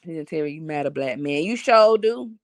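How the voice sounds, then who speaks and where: A woman live-streaming in casual chat, telling profane, animated stories and talking to her viewers. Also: low voice, a little fast, dry recording, studio quality. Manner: talks to chat and reads comments aloud.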